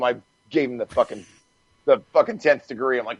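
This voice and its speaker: A man guest on a podcast, telling stories in a casual, animated way, swearing freely and laughing as he goes. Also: medium pitch, fairly quick, slightly rough, no room sound, dull audio. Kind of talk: casual storytelling.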